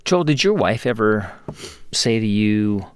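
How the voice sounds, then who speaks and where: A man's voice: lowish voice, lively intonation, unhurried, smooth, no room sound, studio quality. A man hosting a podcast interview, asking curious, probing questions. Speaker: podcast host.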